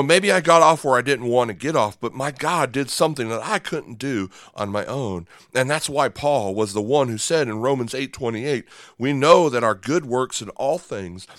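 A male pastor delivers a sermon in a conversational, mid-pitched voice, often tossing "okay?" and "right?" to his listeners. He stumbles and repeats words as he gets going. The sound is dry and close, with no room echo.

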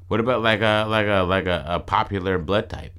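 A man co-hosting a podcast in casual chat, joking crudely and pitching ideas with restarts. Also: brisk, fairly bright tone, smooth. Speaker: podcast co-host.

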